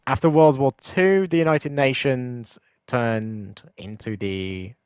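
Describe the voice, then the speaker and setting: A man's voice: mid-range voice, takes it slowly, a little mellow, clear, resonant tone, no echo. A British man streaming a game, chatting casually with viewers in rambling, hesitant explanations that often correct themselves. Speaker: gaming streamer.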